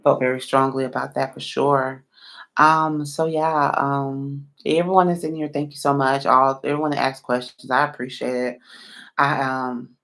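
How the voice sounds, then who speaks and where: Sleepy, gravelly woman rambling on a late stream. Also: very deep voice, level tone, moderate pace, a bit bright. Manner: rambling, filler-heavy, answers viewers one by one. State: sleepy and yawning. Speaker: tarot reader hosting a live stream. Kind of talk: late-night live stream chat.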